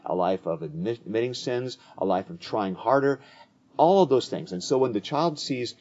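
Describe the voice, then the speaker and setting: A man's voice: mid-range voice, lively intonation, normal speed, darkish tone. A man speaking earnestly in a conversation about faith and family, often repeating words as he restarts. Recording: dull lo-fi audio.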